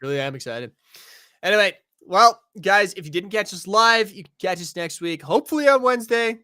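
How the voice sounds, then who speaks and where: A young man hosting a casual podcast, talking in a loose, rambling way and making fun of himself. His voice is bright and a little high for a man. The sound is dry and close. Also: animated, brisk, no echo. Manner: rambling, self-deprecating. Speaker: podcast host. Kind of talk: casual chat.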